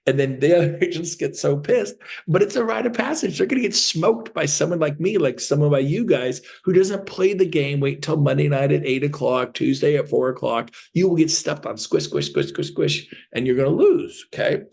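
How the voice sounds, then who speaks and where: A man's voice: fairly high pitch, brisk, creaky, a little mellow. A man giving a sales training talk as a real estate coach, telling stories with energy and acting out phone calls.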